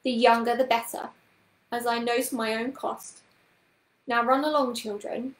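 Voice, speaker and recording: A woman's voice: fairly high pitch, flat delivery, normal speed, lightly acted. A woman reading as Miss Price, a prim bossy witch. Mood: firm. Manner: crisp and bossy, scolding. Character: prim brisk middle-aged woman, an amateur witch. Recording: roomy echoing room.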